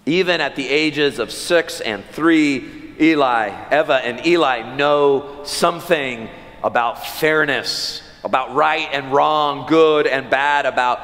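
A man's voice: medium pitch, takes it slowly, a bit bright. A man in his thirties preaching a sermon as pastor into a church microphone, telling stories and acting out his children's voices. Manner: storytelling, acts out children's voices. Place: large church sanctuary. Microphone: church sound system mic. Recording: long church hall reverb.

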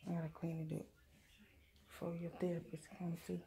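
A woman's voice: fairly low pitch, monotone, fairly quick, vocal fry, crowd noise. A mother, chatting casually to her viewers in a vlog and calling them y'all. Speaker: vlogger, mother. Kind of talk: casual vlog talk to camera. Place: in a car, then at home. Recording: noisy car and street background.

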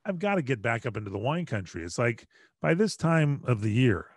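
A middle-aged man, a radio broadcaster, telling stories in a lively, joking way over a video call. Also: mid-range voice, slightly rough, dry recording, studio quality. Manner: lively, chatty, quick to joke. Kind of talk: animated storytelling in conversation.

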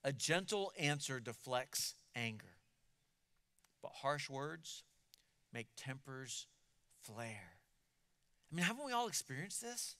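A man's voice: medium pitch, sing-song, slow pace, pauses often, bright, forceful tone. A man preaching a sermon in an earnest, emphatic way, often repeating words as he builds a point. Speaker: pastor.

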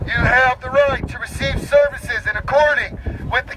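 A man's voice: extremely high pitch, steady tone, moderate pace, background noise. A man giving an impassioned speech at an outdoor protest, reading rules aloud and then bluntly rebutting each one. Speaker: protest speaker, parent.

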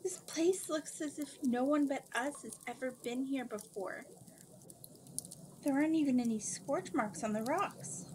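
A woman's voice: high-pitched, unhurried, a little mellow, slight background noise, pitched above the performer's own voice. A woman voicing a timid young princess who hesitates and complains. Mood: fretful.

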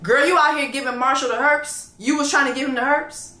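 A woman reviewing a reality dating show, ranting loudly and profanely in casual commentary. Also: high voice, fairly quick, echoey room. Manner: loud, profane, animated ranting.

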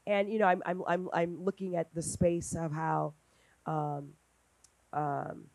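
A middle-aged woman speaking on a panel at a brunch event, talking in a lively conversational way and acting out quoted dialogue. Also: slow, dry recording. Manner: animated, acts out quoted dialogue with big pitch jumps.

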